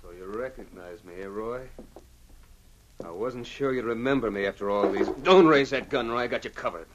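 A man's voice: on the low side, moderate pace, a little hiss or hum, natural voice. Grim ex-con seeking payback, played by a man, muffled old radio sound. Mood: menacing. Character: bitter ex-convict man seeking revenge. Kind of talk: old-time radio drama acting.

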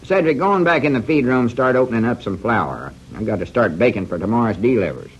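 An actor playing a blustery, self-pitying country storekeeper, in 1940s radio comedy acting. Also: male voice, mid-range voice, expressive, fast talker, husky. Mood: aggrieved. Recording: lo-fi old radio recording.

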